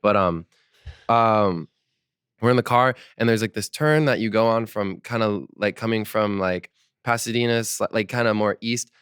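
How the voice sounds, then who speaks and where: Young man telling wild stories, smooth low voice. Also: moderate pace, no echo, studio quality. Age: 20s. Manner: animated, laughs while telling stories. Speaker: musician guest. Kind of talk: casual storytelling in conversation.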